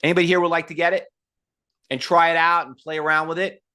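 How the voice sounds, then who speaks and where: A man in his fifties teaching trading in a live online seminar, blunt and full of rhetorical questions, pitching to his audience. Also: little pitch movement, fast talker, pushed and bright. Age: 50s. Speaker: trading instructor.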